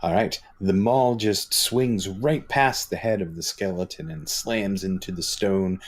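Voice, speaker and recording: A man's voice: sits low, a little slow. A man narrating as dungeon master, describing scenes with frequent fillers. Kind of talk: narrating a tabletop game.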